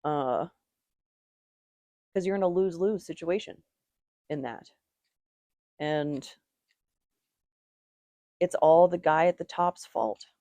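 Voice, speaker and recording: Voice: mid-range voice, slow, pauses often, warm tone, no room sound. A tarot reader giving a casual, rambling reading, with strong opinions and lots of "like" fillers.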